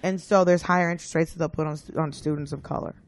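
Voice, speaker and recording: A man talking as a guest in a casual conversation, blunt and swearing freely, in quick bursts with restarts. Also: on the high side, fairly even intonation.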